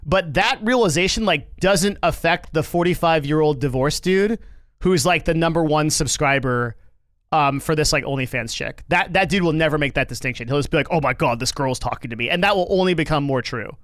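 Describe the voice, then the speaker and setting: A man's voice: fairly high pitch, lively intonation, a little fast, fairly bright tone, no echo. A man streaming and reacting to news in casual commentary, rambling with lots of fillers, restarts and swearing.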